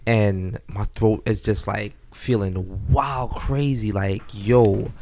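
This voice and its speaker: Laid-back young man, low voice. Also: darkish tone, a little hiss or hum. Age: 20s. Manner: laid-back storyteller, repeats "yeah" in quick runs. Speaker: podcast co-host. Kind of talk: casual chat.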